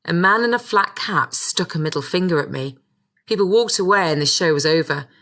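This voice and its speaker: Woman, audiobook narrator, first-person, low pitch, sharp bright tone, wry, sardonic. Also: lively intonation, fairly quick.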